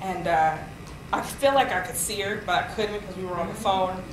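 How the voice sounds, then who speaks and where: A woman's voice: mid-range voice, brisk. A woman in her thirties giving a lecture, telling a story with lots of acted-out quotes and frequent laughter. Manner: animated storyteller, acts out quotes, laughs often. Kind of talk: storytelling talk. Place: lecture hall. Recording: echoey hall with room noise.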